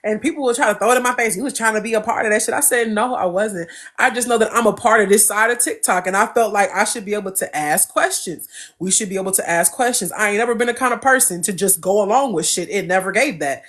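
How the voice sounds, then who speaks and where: A woman's voice: mid-range voice, quick pace. A woman hosting a casual chat, telling a story with mocking quoted voices. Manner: animated storytelling, mocking quotes, frequent laughter. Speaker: podcast host.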